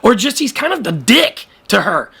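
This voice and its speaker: A woman's voice: on the high side, very animated, moderate pace, vocal fry, fairly bright tone, breathy edge. A woman co-hosting a casual podcast, rambling through a TV recap with many fillers and restarts. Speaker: podcast co-host.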